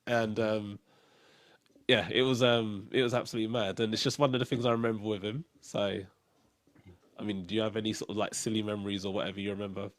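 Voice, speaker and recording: A man hosting a casual chat, sharing memories with many pauses and fillers. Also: lowish voice, fairly even intonation, no room sound. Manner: hesitant, many fillers and restarts, soft-spoken. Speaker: podcast host.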